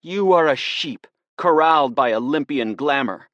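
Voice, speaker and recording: A man's voice: medium pitch, expressive, fairly quick, dry recording, lo-fi sound, pitched above the performer's own voice, close to an everyday voice. A man reading an audiobook, voicing a bitter young woman who seethes with hate and menace. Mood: bitter fury.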